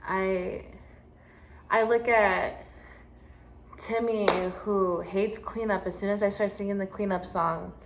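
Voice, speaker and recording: A woman's voice: mid-range voice, steady tone, takes it slowly, long pauses, background noise. A young adult woman mentoring children, hosting a casual personal monologue, speaking candidly and animatedly with casual swearing. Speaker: podcast host and youth mentor.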